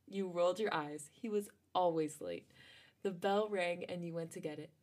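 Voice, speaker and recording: A woman's voice: fairly low pitch, sing-song, unhurried. A young woman co-hosting a podcast, reading fan fiction aloud and often giggling at it. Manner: breaks into giggles while reading. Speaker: podcast co-host.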